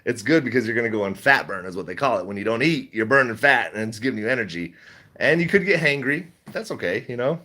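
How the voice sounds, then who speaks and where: A man's voice: medium pitch, expressive, fast talker, pushed and bright. A middle-aged man chatting casually on a livestream, reading chat, rambling and laughing often.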